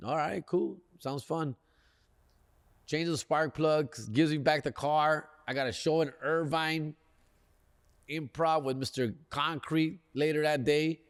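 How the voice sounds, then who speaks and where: LA comedian, slangy storyteller with a higher voice, echoing reverb, keeps saying fool and dog. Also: male voice, a little slow, clear, resonant tone. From Los Angeles. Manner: slangy, animated, peppers lines with "fool" and "dog". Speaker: comedian and podcast host. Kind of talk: casual storytelling.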